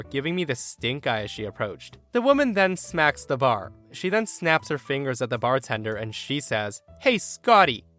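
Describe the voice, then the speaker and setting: A man reading an online story aloud in an animated, emphatic way. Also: a little high. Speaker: story narrator.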